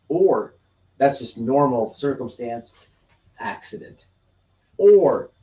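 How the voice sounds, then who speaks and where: Animated man livestreaming in an echoey room. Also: medium pitch, distant mic. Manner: animated, repetitive, acts out scenes. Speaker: livestream host. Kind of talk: casual live-stream talk. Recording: roomy, off-mic sound.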